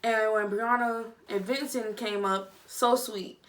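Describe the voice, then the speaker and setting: A young woman vlogger giving a casual, chatty review, with animated, dramatic reactions. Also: a little high, slow, recorded from a distance. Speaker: vlogger reviewing a reality show. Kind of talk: casual chat.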